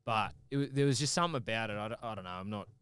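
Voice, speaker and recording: A man tells a story in a casual, animated way, swearing freely as he goes. His voice sits low and comes across smooth and resonant. The recording is dry and close. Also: rapid-fire, dry recording. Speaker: podcast guest.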